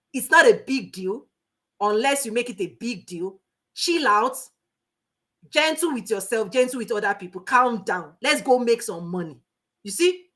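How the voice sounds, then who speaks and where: A Nigerian woman teaching a live online coaching class in an animated, preachy way, laughing often. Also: on the high side. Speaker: life coach.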